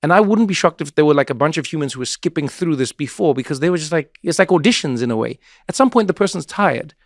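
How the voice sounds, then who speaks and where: Fast-talking podcast host man. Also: on the high side, expressive, no echo, studio quality. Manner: chatty, musing aloud. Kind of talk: casual chat.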